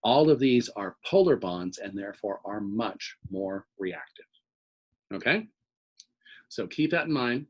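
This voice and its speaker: A man's voice: on the low side, lively intonation, unhurried, slightly rough, muffled recording. A man teaching organic chemistry in a recorded lecture, explaining step by step and often checking in with "okay?".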